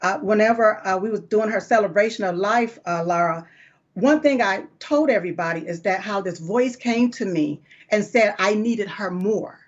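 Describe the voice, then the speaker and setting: A woman's voice: medium pitch, moderate pace, dull audio. A woman hosting a political talk show, talking in a fiery, folksy and emphatic way.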